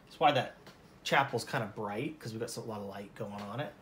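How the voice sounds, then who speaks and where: A man's voice: fairly low pitch, a little fast, fairly bright tone, echoey room, slight background noise. A man from Colorado giving a casual oil painting lesson, rambling and self-deprecating, with many fillers. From Colorado, USA.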